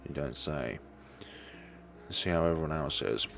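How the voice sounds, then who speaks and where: A man's voice: rumbling low, moderate pace, gravelly, pauses often, a bit bright, faint music behind. A man casually commenting on a video game and reading its dialogue aloud. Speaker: let's play gamer.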